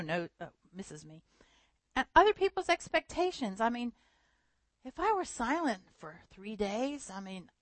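A woman preaching a sermon in a lively storytelling manner, often laughing. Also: medium pitch, dry recording.

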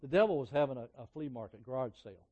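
A man's voice: mid-range voice, animated, rapid-fire, dull audio. Conversational man preaching a sermon. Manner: conversational storytelling, rising to emphatic peaks and dropping to quiet asides. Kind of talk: sermon with personal stories.

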